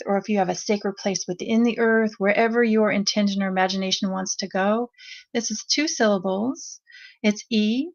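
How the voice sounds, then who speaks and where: A woman leading a guided meditation with chanted vowel sounds, speaking slowly and gently. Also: medium pitch, muffled recording. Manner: slow, gentle and soothing.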